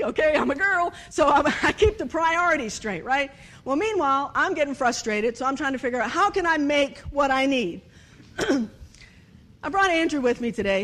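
High-voiced woman preaching with humor. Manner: animated, storytelling, acts out dialogue, laughs often. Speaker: speaker at a church service. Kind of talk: humorous sermon with stories.

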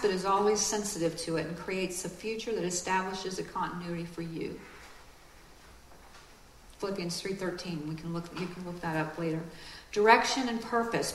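A woman giving a lively, conversational sermon with quick asides. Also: medium pitch, roomy sound, a little hiss or hum, low-quality recording. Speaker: speaker.

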